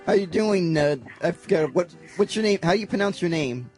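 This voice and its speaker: A man on a radio show, halting and stammering as he repeats words while he answers questions. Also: high-pitched, expressive, a little mellow, soft background music. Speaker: guest. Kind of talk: casual radio banter.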